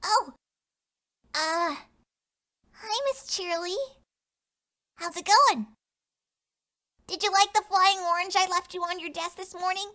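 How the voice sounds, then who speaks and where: A woman's voice: very high voice, slow, pauses often, pushed and bright, full character voice. Screwball, a hyper chaos filly, voiced by a woman. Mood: nervous babbling. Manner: boastful and hyper, swinging to sulky and small. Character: mischievous young filly, chaos princess, half-draconequus. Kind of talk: fan-made animated film dub.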